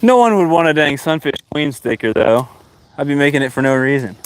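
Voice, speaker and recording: A man's voice: a little high, sing-song, a little fast, clear, resonant tone. A man chatting casually while fishing outdoors on a live stream, easygoing and teasing. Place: outdoors by freshwater. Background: wind.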